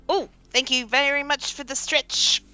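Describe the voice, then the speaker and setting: A young woman streaming a game and chatting casually, animated and laughing often. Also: sits high. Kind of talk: casual live-stream chat.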